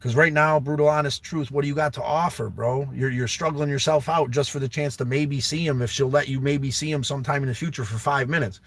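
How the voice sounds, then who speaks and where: A man's voice: medium pitch, fairly even intonation, brisk, few pauses, no room sound. A young man hosting a livestream, earnestly pleading with a viewer he calls brother to come stay at his home. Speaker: livestream host. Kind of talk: emotional heartfelt live-stream talk.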